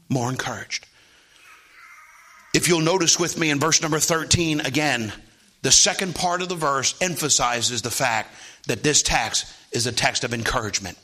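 A man preaching a sermon, often asking the congregation "Amen?" and swinging from hushed tones to loud rising calls. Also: fairly high pitch, expressive, moderate pace. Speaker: pastor.

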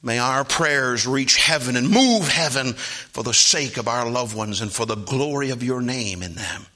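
A pastor preaches to his congregation and then leads them in prayer. His voice is very bright, and it sits at an ordinary pitch for a man. When he acts out the people in his stories, his voice climbs high and gets loud. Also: a little slow. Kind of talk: sermon and closing prayer. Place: church.

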